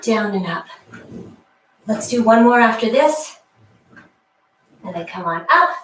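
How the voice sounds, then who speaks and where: In an exercise room with a wall, a woman leads a workout class with an expressive, fairly high and somewhat bright voice at a slow pace. She counts reps, drops in chatty asides and is slightly out of breath, all captured by a distant mic in the echoing room.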